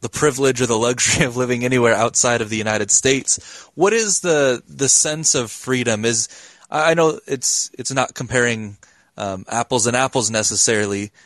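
A male podcast host with a mid-range voice asks long, winding questions, pausing to rephrase as he goes. The sound is dry and close. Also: mid-range voice, fairly bright tone, dry recording. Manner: searching, rambling questions. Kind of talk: casual podcast interview.

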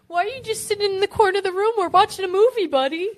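Woman doing a high, sing-song little girl. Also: very fast. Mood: coaxing.

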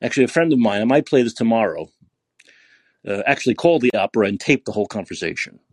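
Angry ranting man, husky lively voice. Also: medium pitch, quick pace, no echo. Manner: profane, sarcastic, ranting. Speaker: podcast host. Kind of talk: angry political rant. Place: San Francisco.

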